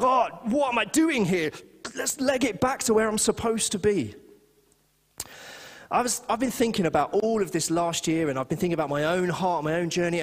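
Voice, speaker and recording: A man preaching a sermon as pastor, chatty and animated, slipping into little voices for the people he quotes. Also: on the high side, in a large hall. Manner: animated, conversational, acts out quotes. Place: church hall.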